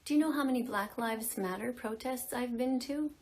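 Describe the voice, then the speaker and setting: A woman's voice: a little high, moderate pace, a little mellow. A woman giving a dramatic, moralizing activist monologue in an accusatory tone. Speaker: vegan activist. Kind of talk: preachy social media monologue. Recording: clip with music playing behind. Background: music.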